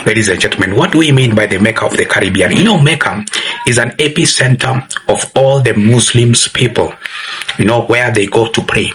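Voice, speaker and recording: A man's voice: mid-range voice, fairly quick. A man hosting a commentary video, talking emphatically and repeating phrases as he addresses his viewers. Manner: repeats "ladies and gentlemen", emphatic and preachy. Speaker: commentary channel host. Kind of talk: reaction commentary to camera.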